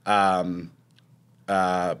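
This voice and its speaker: A man's voice: low-pitched, level tone, very slow, a bit bright, clear, resonant tone. A man, co-hosting a podcast and telling a story in casual chat, acting out quotes with a raised voice. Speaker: podcast co-host.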